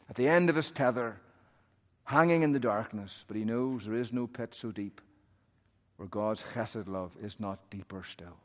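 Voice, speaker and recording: Preacher man in an echoing hall. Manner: swings from loud urgent peaks to hushed low phrases. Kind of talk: sermon. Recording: long hall reverb.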